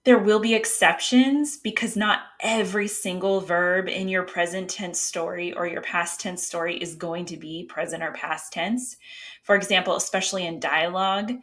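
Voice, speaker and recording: Woman with a somewhat low voice teaching writing. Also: fairly bright tone. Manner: explains patiently, with some fillers and restarts; reads example passages aloud. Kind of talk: casual instructional talk.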